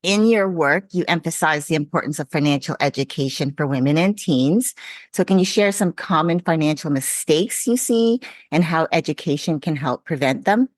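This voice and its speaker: A woman's voice: deep voice, expressive, normal speed, no echo. A woman hosting a podcast interview, talking earnestly and reflectively, openly emotional. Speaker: podcast host. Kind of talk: interview conversation.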